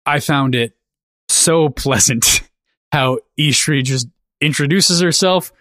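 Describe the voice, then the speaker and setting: A man co-hosting a casual book discussion podcast, playful and quick to laugh. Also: on the high side, no echo, studio quality. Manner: animated, laughs often, playful. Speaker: podcast co-host.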